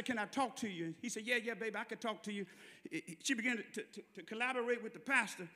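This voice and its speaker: A man with a Southern US accent preaching a sermon, telling a story in a conversational way and rising into shouted preaching. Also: sits high. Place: church sanctuary. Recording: long reverb in a church hall.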